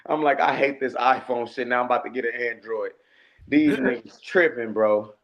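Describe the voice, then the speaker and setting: A man telling a story in a casual interview, animated and acting out the lines he quotes. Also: medium pitch, normal speed, highs cut off. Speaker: guest, rapper.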